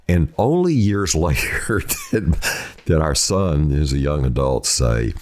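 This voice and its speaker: Very deep, gravelly-voiced man telling stories. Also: moderate pace. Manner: animated storyteller acting out quoted voices. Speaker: true crime reporter answering questions. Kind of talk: storytelling in an interview.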